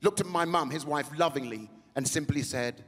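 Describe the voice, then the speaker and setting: A man's voice: fairly high pitch, moderate pace, very noisy. A man performing a stand-up comedy set, acting out the people he quotes. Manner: animated, acts out the people he quotes. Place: large theatre with a live audience. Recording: reverberant hall, crowd laughter.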